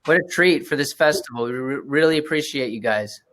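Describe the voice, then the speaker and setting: A man's voice: medium pitch, fairly quick, fairly bright tone. A man hosting a film festival Q&A, giving upbeat, gracious thanks on a video call. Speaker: festival host. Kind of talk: closing remarks on a video call.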